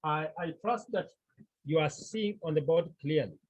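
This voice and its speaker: A teacher giving a class lecture, speaking slowly and deliberately and sounding out words syllable by syllable, with questions put to the class and then answered. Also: mid-range voice, darkish tone, slightly rough. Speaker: Greek teacher. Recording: tinny phone-like online class audio.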